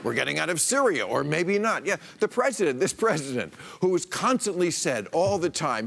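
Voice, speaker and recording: A man's voice: a little high, very animated, fairly quick, creaky, few pauses. A middle-aged American man delivering a sarcastic stand-up monologue as a late-night comedy host in a television studio before a live audience. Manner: wisecracking, sarcastic, laughing between jokes. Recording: loud studio audience laughter and noise.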